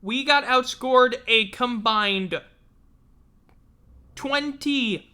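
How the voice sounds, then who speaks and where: Bright, profane woman ranting sports. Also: a little high, extremely slow, clear, resonant tone. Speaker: sports talk show host. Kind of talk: casual livestream sports rant.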